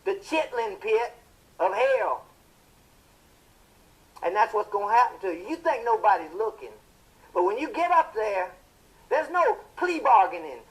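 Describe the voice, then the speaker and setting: An actor playing a fiery male television preacher, delivering a sermon in a booming, impassioned style with drawn-out emphatic phrases. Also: big pitch swings, exaggerated voice, poor audio.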